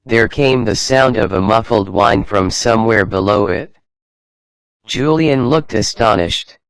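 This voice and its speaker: A man narrating a children's adventure storybook in a slow, even reading manner. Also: on the low side, clear, resonant tone, dry recording, poor audio.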